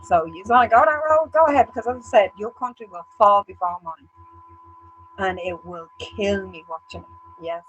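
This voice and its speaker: A woman's voice: mid-range voice, normal speed, a bit bright. An Irish woman holds forth on a casual livestream, blunt and full of swearing. Her voice comes through a dull, lo-fi stream feed with a faint hum behind it. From Ireland. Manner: blunt, heavy swearing, ranting. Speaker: co-host.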